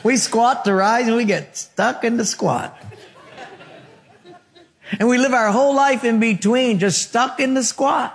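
A man preaching a sermon with a noticeably high voice for a man. He moves between story and exhortation and asks his congregation questions as he goes, and the voice carries an animated, lively delivery. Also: unhurried, long pauses, some chatter behind. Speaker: pastor.

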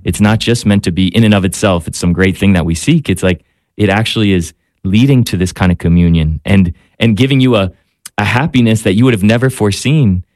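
A man's voice: lowish voice, brisk, a little mellow, no room sound, clean studio sound. A man who is a priest and radio guest, speaking reflectively and searching for words with frequent restarts. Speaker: priest and spiritual director guest. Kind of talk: radio talk show conversation.

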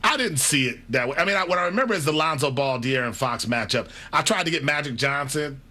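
A man co-hosting a sports talk radio show, talking in an animated way. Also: on the high side, fast talker. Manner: animated, laughs easily.

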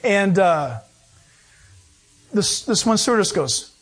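A man preaching a sermon, telling stories with animated delivery and acting out other people's voices. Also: sits high, normal speed, pauses often, husky. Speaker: pastor.

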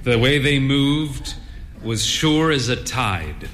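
A man's voice: medium pitch, sing-song, slow, music in the background. Wry man reading a story. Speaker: narrator. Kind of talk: reading a short story aloud.

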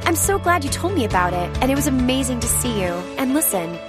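A woman's voice: sits high, very animated, quick pace, music in the background. A woman acting a friend in a scripted ad, bubbly and enthusiastic. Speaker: friend in a charity ad. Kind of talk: scripted ad dialogue.

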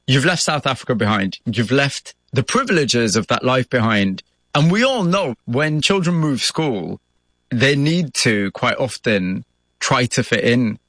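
A man hosting a radio show, narrating scripted stories and asking guests measured, empathetic questions. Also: mid-range voice, expressive, a bit bright, no echo. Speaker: radio host and interviewer.

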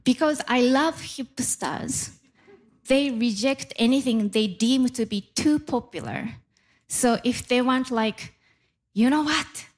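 A young woman with a Japanese accent doing stand-up comedy, delivering each line slowly and with a deadpan air. Her voice sits a little high. A faint hiss runs under it. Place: comedy club stage before a laughing audience.

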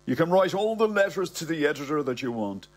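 A man's voice: on the high side, lively intonation, a little fast, pitched above the performer's own voice, lightly acted. A man doing a breezy, brazen Irish woman. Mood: airy. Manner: breezy, matter-of-fact. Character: brazen middle-aged woman, airily clueless.

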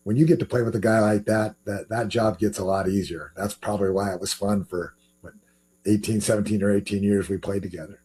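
A man, a former pro basketball player, telling stories in a relaxed interview and repeating words as he thinks. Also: lowish voice, brisk, breathy edge. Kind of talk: casual interview talk.

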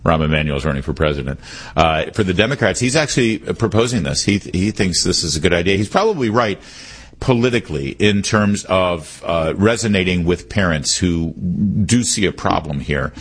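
A man's voice: deep voice, expressive, moderate pace, husky. A man hosting a talk radio show, delivering an opinionated, punchy monologue and repeating the call-in number.

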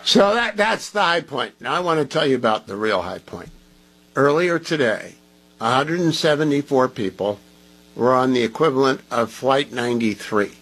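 A man's voice: mid-range voice, animated, normal speed, fairly bright tone, breathy edge, poor audio. A man hosting a talk radio show, talking in an opinionated, emphatic, conversational way. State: groggy from medication.

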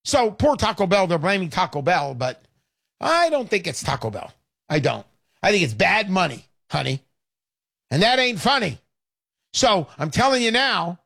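A man hosting a call-in show, pitching with brash, hard-selling talk and lots of repetition. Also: creaky, bright, forceful tone, no echo, clean studio sound. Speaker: radio show host.

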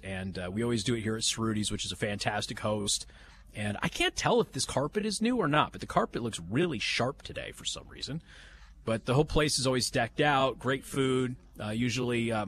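A man's voice: fairly low pitch, fairly bright tone. Folksy, opinionated male talk radio host. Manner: folksy, opinionated, with sarcastic asides. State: has the hiccups. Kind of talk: live talk radio monologue. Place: live remote broadcast from a banquet venue.

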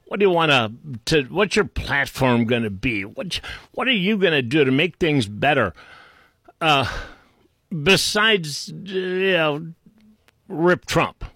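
A man with a Boston accent ranting sarcastically about politics, rambling, trading insults and clearing his throat. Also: fairly high pitch, pushed and bright, no echo. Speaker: political commentator. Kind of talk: unscripted political rant.

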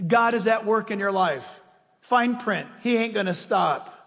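High-pitched male preacher, emphatic and folksy, questions the pews; echoing hall. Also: measured pace, creaky, fairly bright tone. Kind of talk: sermon.

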